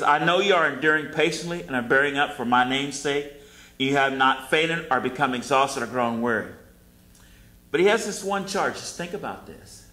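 A man preaches in an easy, conversational way. He repeats short refrains and acts out prayers in his own voice. His voice is bright and sharp, and the church room echoes around him. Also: on the high side. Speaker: pastor. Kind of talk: sermon. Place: church sanctuary.

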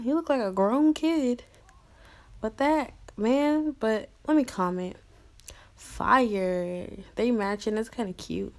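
A woman's voice: on the high side, a little mellow. A woman vlogging casually, replying to fan messages in a playful, slangy, upbeat way and talking straight to her viewers. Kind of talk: casual chatty vlog.

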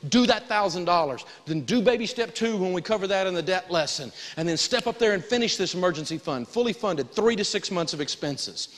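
A man's voice: sits high, fairly quick, few pauses. Folksy man teaching in a reverberant hall. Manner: folksy, animated, audience call-and-response. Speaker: personal finance teacher. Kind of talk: live seminar lesson.

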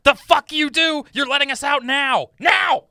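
Brief: man reading as a loud, bossy, cursing passenger, lively and bright. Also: on the high side, moderate pace, no echo, clean studio sound. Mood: yelling. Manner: swearing, yelling, bossy. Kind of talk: comedic script read-through.

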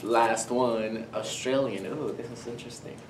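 A man's voice: mid-range voice, fairly even intonation, moderate pace. A man chatting casually and laughing often while co-hosting a challenge video. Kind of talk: casual chat. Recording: echoey room, far from mic, loud noise.

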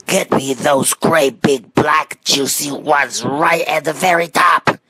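A man voicing a rich old duke in a storybook reading, shouting bossy orders. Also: sits low, very animated, takes it slowly, vocal fry, breathy edge, no echo, full character voice. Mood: demanding.

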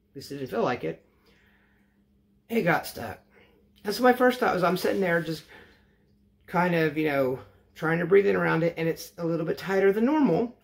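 A man's voice: a little high, animated, moderate pace, gravelly, pauses often. A man telling a casual storytime to his vlog audience, rambling and correcting himself as he goes, wry and matter-of-fact. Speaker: vlogger.

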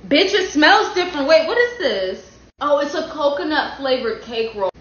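A woman from the United States in a casual comedic vlog, brash and profane, jumping from loud outbursts to low muttering. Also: sing-song, normal speed. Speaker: comedy creator. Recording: echoey room, dull lo-fi sound.

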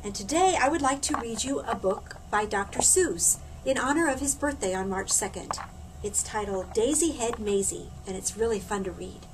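A woman reading a picture book aloud to children at a library, in a lively, expressive storytelling manner. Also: a little high, normal speed, far from the mic, background noise.

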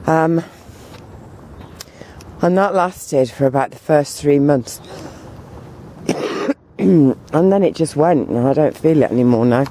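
A woman talking to the camera on an outdoor walk, meandering with many pauses and fillers. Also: deep voice, warm tone, slight background noise. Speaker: vlogger. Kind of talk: rambling walk-and-talk vlog.

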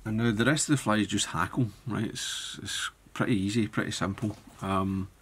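A man demonstrating fly tying step by step, talking in a relaxed way as he works with his hands. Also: on the low side, moderate pace, slight background noise. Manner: relaxed, thinking aloud while working with hands. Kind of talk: step-by-step tutorial narration.

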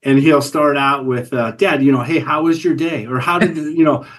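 A man's voice: fairly high pitch, steady tone, moderate pace. A man in his forties, a guest on a podcast, talking earnestly about parenting and often repeating words as he talks. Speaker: podcast guest, business coach and father. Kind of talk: casual interview conversation.

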